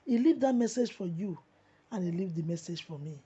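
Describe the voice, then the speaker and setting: A Nigerian woman preaches with fervor, circling back to the same phrases again and again. Her voice is dark and very husky. The recording is dull and muffled. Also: lowish voice, animated, a little fast. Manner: impassioned, repetitive, preachy. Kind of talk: preaching monologue.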